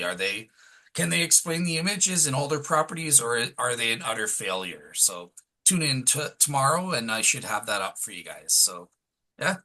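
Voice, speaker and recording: Male podcast host, very bright, tense voice, easygoing, casual. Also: medium pitch, rough recording. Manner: relaxed, casual fillers like "all right, cool".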